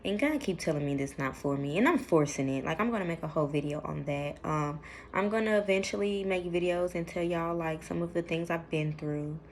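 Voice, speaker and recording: A woman's voice: on the low side, fairly quick, a little mellow, a little hiss or hum. A young woman talking casually to camera in a vlog, chatty and rambling with lots of fillers, calling her viewers y'all. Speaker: vlogger.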